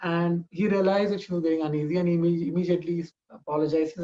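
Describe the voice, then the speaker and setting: A man's voice: on the high side, level tone, fast talker, mellow, dull audio. A man telling a family story informally, talking conversationally with frequent restarts.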